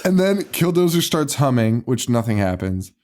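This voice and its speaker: A man's voice: mid-range voice, sing-song, moderate pace, darkish tone, slight background noise. A man co-hosting a podcast, casually recapping a movie with lots of laughter, swearing and mock quotes. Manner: laughing, profane, retelling scenes with mock quotes. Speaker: podcast co-host.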